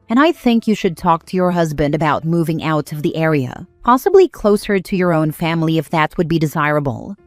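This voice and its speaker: Lively low-voiced woman reading stories. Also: no echo. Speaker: story narrator. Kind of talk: scripted narration of online posts.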